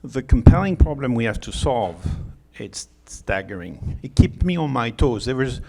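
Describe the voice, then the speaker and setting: A middle-aged man from France, speaking with a French accent, gives a joking, chatty talk in a conference hall, full of fillers and restarts. His medium-pitched voice is very animated, creaky and a little mellow, at normal speed. There is a little hiss or hum on the recording.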